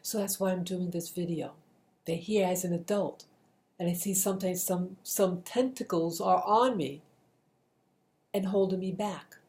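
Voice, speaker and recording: This earnest middle-aged woman has a mellow, lowish voice and speaks a little slowly. Vlogging a motivational message in a casual monologue, she repeats herself and frequently restarts.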